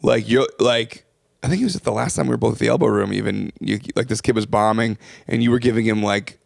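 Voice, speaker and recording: A man's voice: fairly low pitch, fast, creaky, no echo, clean studio sound. A man co-hosting a podcast, chatting casually and asking teasing, probing questions. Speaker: podcast co-host.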